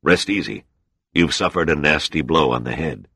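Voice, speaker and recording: A man playing a gruff older admiral. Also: rumbling low, lively intonation, moderate pace, bright, forceful tone, heavily acted.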